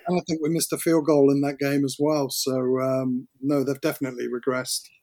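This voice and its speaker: A man's voice: mid-range voice, flat delivery, a little fast, darkish tone, dry recording. A man with a British accent, co-hosting a casual sports podcast, blunt and opinionated. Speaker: podcast co-host.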